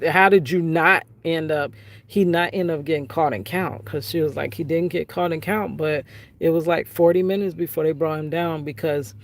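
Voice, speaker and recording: A woman's voice: low voice, slight background noise. A middle-aged woman telling a story in a casual vlog. She talks frankly and conversationally, retelling conversations with her family. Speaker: vlogger, prison wife.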